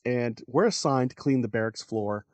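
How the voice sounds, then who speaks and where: A man's voice: medium pitch, moderate pace, no room sound. A man in his forties, a podcast guest, telling a story in casual conversation and acting out the people he quotes. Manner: animated, acts out quoted voices, laughs while telling.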